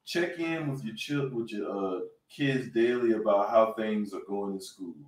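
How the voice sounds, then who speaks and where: A male instructor reading child-safety tips aloud on a panel show, halting and correcting himself as he goes. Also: fairly low pitch. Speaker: self-defense instructor. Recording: roomy sound from a distant mic.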